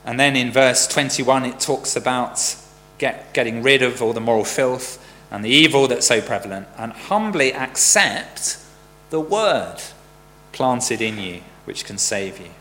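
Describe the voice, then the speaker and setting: A man's voice: mid-range voice, animated, a little slow, sharp tone. A man preaching a sermon in a conversational storytelling way. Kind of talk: sermon with a joke. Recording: church hall reverb with faint hum.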